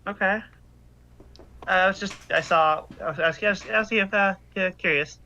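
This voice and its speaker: A man's voice: sits high, normal speed, bright, forceful tone, dull audio, slight background noise. A man playing a tabletop game, speaking in character in a hesitant, stammering way. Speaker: player.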